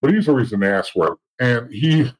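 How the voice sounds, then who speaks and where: A middle-aged man telling rough stories in a blunt, profane way, rambling with frequent restarts. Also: medium pitch, lively intonation, moderate pace, low-quality recording. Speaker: guest. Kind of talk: casual storytelling.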